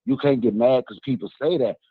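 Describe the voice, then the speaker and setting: A man's voice: medium pitch, a little fast, husky, no echo. Fired-up male caller on a tinny phone line. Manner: emphatic, repetitive, rallying fan talk. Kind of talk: animated call-in argument.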